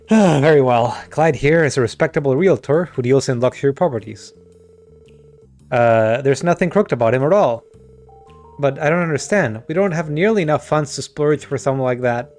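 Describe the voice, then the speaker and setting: A fed-up middle-aged wife, read by a man, speaks in a cool, measured way. She scolds her husband plainly in a video game scene, with no raised voice. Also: mid-range voice, expressive, darkish tone, soft background music, close to an everyday voice.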